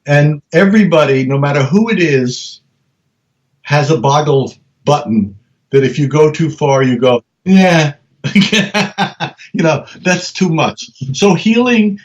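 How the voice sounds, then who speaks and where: A middle-aged man tells stories in an interview, and he sits a little high in pitch. He restarts his sentences often and speeds up as he goes. The recording is slightly dull and lo-fi. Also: measured pace. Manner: animated storyteller, many restarts, acts out quoted voices. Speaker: guest researcher. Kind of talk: conversational interview.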